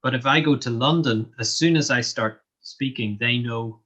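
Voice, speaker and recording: A man from Northern Ireland with a Northern Irish accent, a guest in a live online interview, explaining things slowly and carefully with many pauses and ums. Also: medium pitch, fairly bright tone, muffled recording.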